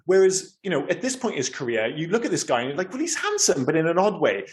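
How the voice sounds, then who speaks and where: A man co-hosting a film podcast, chatting casually and rambling with lively, sweary asides. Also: on the high side, fast talker. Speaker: podcast co-host. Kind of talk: casual chat.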